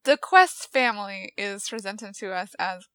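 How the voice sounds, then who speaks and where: A woman co-hosting a casual chat, reacting quickly and adding asides. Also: mid-range voice, lively intonation, a bit bright, smooth. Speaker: podcast co-host.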